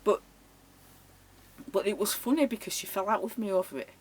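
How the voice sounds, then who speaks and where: A middle-aged woman casually telling dating stories to camera in a chatty, animated way. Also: mid-range voice, fast talker, breathy edge, rough recording. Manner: chatty, animated retelling with laughs. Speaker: vlogger. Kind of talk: casual storytelling.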